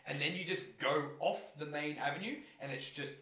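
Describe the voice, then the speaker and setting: A man's voice: on the high side, normal speed, echoey room, recorded from a distance. A young man in casual podcast chat, telling stories with swearing and slang and acting out the voices of people he met. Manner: animated storytelling, swearing slang, acts out voices.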